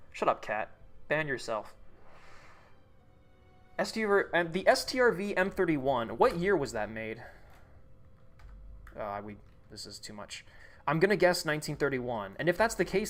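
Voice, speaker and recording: A man's voice: mid-range voice, a bit bright. A young man streaming live, thinking aloud, reading chat and restarting sentences as he goes.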